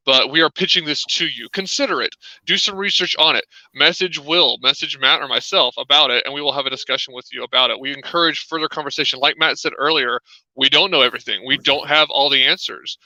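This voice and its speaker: A man co-hosting a livestreamed discussion speaks casually with plenty of "um"s, asking his co-host questions over a video call. His medium-pitched voice sounds pushed and bright, with no echo but poor audio quality.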